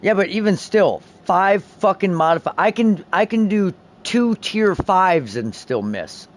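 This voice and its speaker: A young male streamer with a high-sitting voice talks a little slowly in casual game-stream chatter about crafting. He's excitable and swears a lot, repeatedly restarting his sentences.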